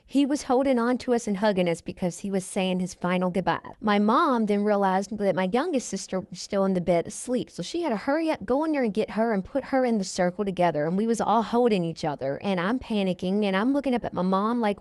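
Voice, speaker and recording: A woman in her thirties telling a personal story in a casual, animated way, full of dramatic repetition. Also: medium pitch, fairly quick, few pauses, no room sound, studio quality. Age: 30s.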